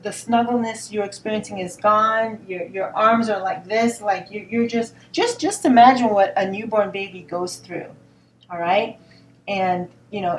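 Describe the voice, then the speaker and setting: A woman giving a spoken tarot reading in a gentle, reassuring tone, often repeating words and asking "all right?". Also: mid-range voice. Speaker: tarot reader. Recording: roomy sound from a distance, faint noise.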